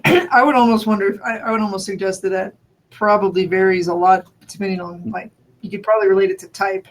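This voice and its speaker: A man from New Mexico with a notably high speaking voice. He chats casually and rambles, thinking aloud, restarting sentences and breaking into short laughs. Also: fairly even intonation, fast talker. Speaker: conversation partner. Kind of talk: casual chat.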